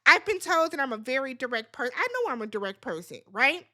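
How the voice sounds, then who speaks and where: Blunt, foul-mouthed woman reality-show recapper; high, very animated voice. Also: brisk. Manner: blunt, profane, exasperated commentary; talks straight to viewers.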